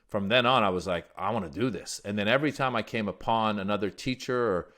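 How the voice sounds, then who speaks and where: A man from Iran, a guest comedian, telling stories in a casual, animated way. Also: on the low side, quick pace. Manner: animated storyteller. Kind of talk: casual storytelling.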